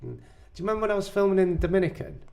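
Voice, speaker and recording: A man's voice: sits high, expressive, racing, creaky, darkish tone. A man co-hosting a podcast, chatty and jokey in casual conversation. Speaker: podcast co-host. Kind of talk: casual chat.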